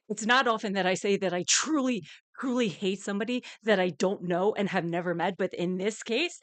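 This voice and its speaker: Brief: woman streamer, live reaction rant, heated and cursing, average pitch, dry close sound. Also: normal speed, dry recording. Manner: angry, ranting, swearing, with bursts of laughter.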